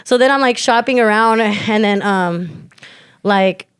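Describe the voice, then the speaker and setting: This podcast co-host is a young woman whose medium-pitched voice is clear and resonant, moving at a measured pace over a dry, clean studio recording. Her storytelling is loose and filler-heavy; she curses without restraint and performs quoted lines at full volume.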